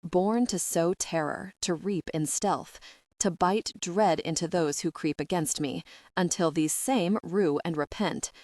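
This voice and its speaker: A woman voicing a sweet-voiced young witch, a gentle healer who is reluctant and shaken while chanting a curse. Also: mid-range voice, animated, unhurried, dry recording, studio quality.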